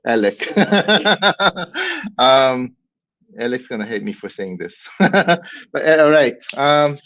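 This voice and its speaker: A man's voice: a little high, very animated, slow, fairly bright tone, highs cut off. A man hosting a casual livestream, rambling with frequent laughs and bursts of playful announcing. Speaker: livestream host.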